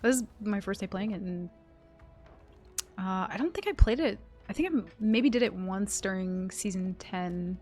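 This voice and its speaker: A woman streamer chatting with her live audience while gaming, excitable and full of swearing. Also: medium pitch, normal speed, faint music behind. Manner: profane, excitable, talks to chat. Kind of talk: live game stream chat.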